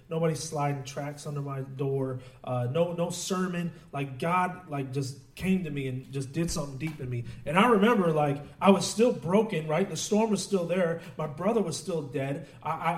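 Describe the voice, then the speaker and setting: Guy giving a chatty sermon, kinda high voice, roomy sound from back of the room. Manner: conversational, many fillers and restarts. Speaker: pastor. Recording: roomy echo, voice from a distance.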